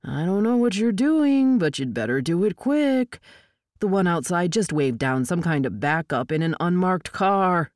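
A woman's voice: very animated, very slow, dark tone, no echo, studio quality, exaggerated voice. A woman reading a novel aloud, voicing a nervous male truck driver who talks in an urgent, anxious rush. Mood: alarmed. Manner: anxious, urgent, high-strung.

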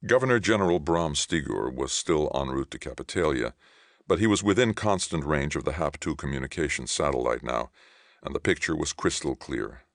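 A man reading a novel aloud as narrator, even and unhurried. His voice is extremely deep with a gravelly fry. The sound is close and dry, with no room around it. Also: no room sound. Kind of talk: scripted audiobook narration.

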